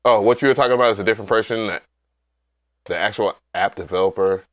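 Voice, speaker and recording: A man hosting a casual livestream, telling stories in an animated, profane way with loud excited outbursts. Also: on the low side, fast. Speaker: livestream host.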